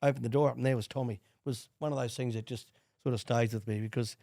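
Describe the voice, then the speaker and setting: A middle-aged Australian man, a former player and coach, telling animated stories in a casual interview. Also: medium pitch, fast, vocal fry, dry recording, studio quality. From Queensland, Australia. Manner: animated storyteller with restarts and laughs. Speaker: guest, former rugby league player and coach.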